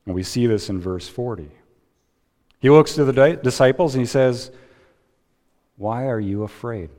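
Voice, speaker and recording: A man preaching a sermon as a pastor, slow and deliberate with dramatic pauses, heard in a church sanctuary. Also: medium pitch, expressive, darkish tone. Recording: long reverb of a church hall.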